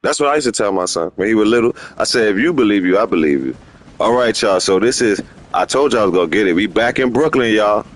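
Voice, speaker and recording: A middle-aged man hosting a gaming livestream in casual street slang. He rambles and repeats himself for emphasis, jumping into high-pitched voices when he quotes people. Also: fast. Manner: rambling and opinionated, slips into animated high-pitched quoting of others.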